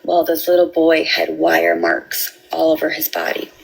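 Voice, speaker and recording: A woman with a low, gravelly voice tells an emotional personal story slowly and haltingly, restarting and repeating words. Her pitch swings widely, and faint noise sits under the recording. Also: very animated, rough recording. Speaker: parent telling her story.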